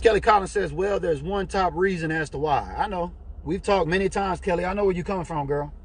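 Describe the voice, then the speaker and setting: A middle-aged man with a fairly high, husky voice hosts a casual live stream, rambling in a chatty, animated way. He keeps tossing in "you know what I'm saying" while he greets viewers and reads their comments. He sounds from the United States, speaking through a basic stream mic. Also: fairly quick. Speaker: fan group owner and live-stream host. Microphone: computer or phone mic on a live stream.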